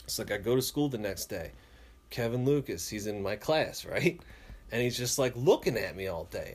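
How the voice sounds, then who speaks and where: Man, casual storyteller, animated, acts out the lines he quotes. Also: on the low side, moderate pace.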